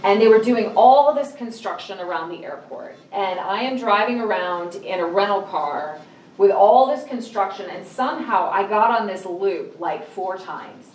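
A woman's voice: mid-range voice, normal speed, a little hiss or hum. A middle-aged woman preaching a sermon in a conversational way, telling personal stories and acting out scenes. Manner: conversational and animated, acting out scenes with sudden raised voices. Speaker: speaker at a church or ministry talk. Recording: roomy, distant mic with faint ambience.

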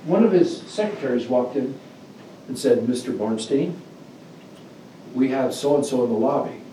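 A man preaching a sermon, telling stories and reading scripture with animated, emphatic delivery. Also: normal speed, slight background noise. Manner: animated storyteller, rising to high emphatic pitch on scripture. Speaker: pastor. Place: church. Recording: echoey room, distant mic, faint ambience.

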